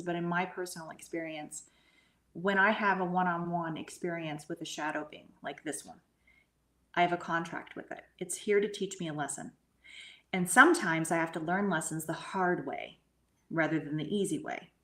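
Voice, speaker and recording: A middle-aged woman speaking as a guest medium, telling a personal experience earnestly and often dropping into soft, breathy asides. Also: fairly low pitch. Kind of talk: casual storytelling conversation.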